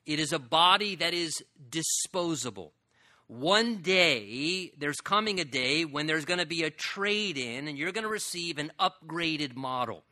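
A male pastor delivers a sermon in a very bright, ringing voice. He sits a little high in pitch and leans hard into his key phrases to drive them home. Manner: emphatic preaching, swelling on key phrases.

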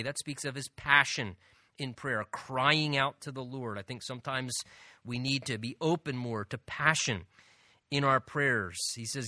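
A pastor teaching a sermon verse by verse, earnest and emphatic, moving between soft asides and loud stresses. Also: male voice, medium pitch, moderate pace, no echo, clean studio sound. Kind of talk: expository sermon.

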